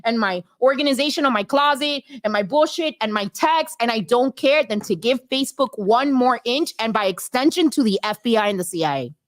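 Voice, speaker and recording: A woman's voice: fairly high pitch, expressive, brisk, hardly any pauses. Fiery woman ranting on a podcast. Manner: fiery, ranting, casual slang. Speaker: podcast co-host. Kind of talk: heated political chat.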